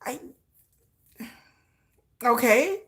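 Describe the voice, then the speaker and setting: A woman's voice: on the high side, animated, very slow, a bit bright. A middle-aged woman hosting a casual livestream, chatting bluntly with viewers, swearing freely and laughing often. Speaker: livestream host.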